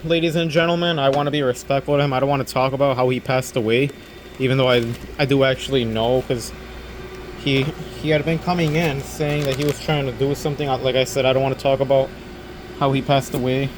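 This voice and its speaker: A man's voice: medium pitch, steady tone, brisk, background noise. A young man working an overnight store shift, talking casually to camera in a rambling, earnest way that repeats itself. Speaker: overnight convenience store clerk.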